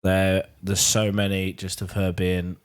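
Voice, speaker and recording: A man co-hosting a casual podcast, a little hoarse as he loses his voice, laid-back and self-mocking with quick laughs. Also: low-pitched, monotone. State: slightly hoarse, losing his voice. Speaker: podcast co-host. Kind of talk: casual chat.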